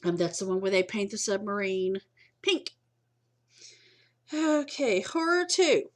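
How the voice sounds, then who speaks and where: A woman's voice: mid-range voice, big pitch swings, measured pace. Middle-aged woman, home vlogger; rambling, chatty, a little tired. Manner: rambling, chatty, self-interrupting. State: tired and yawning. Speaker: movie collector vlogger. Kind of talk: casual chat. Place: home room.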